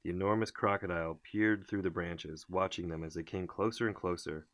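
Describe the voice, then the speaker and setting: A man reads a children's story aloud with a deep, low voice and expressive pacing. The recording is close and dry, with no room echo. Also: a little fast. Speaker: storybook reader. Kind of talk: reading a children's book aloud.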